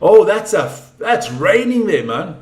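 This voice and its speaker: Older male, high-pitched, chatty and excitable, calling live rugby; echoey room. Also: a little slow. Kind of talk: casual live commentary.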